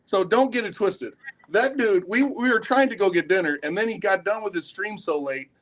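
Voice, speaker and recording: An animated man chatting on a late-night livestream, his voice sitting a little high. He tells stories loosely, swears freely and acts out the people he quotes. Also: moderate pace. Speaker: guest on a livestream chat. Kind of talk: casual chat.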